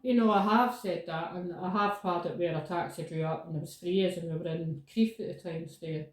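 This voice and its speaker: Woman, casual chat, low mellow voice, emphatic and repetitive, echoey room, distant mic. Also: a little fast. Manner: emphatic, repeats her points firmly. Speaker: podcast host.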